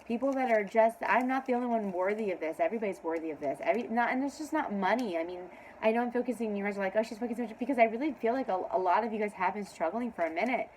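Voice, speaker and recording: Woman, tarot reader, middle pitch, emphatic, laughs often, soft hushed moments, faint hiss. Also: very fast, few pauses, low-quality recording. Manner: excited, emphatic affirmations; drops to a soft hush. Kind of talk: casual tarot reading to camera.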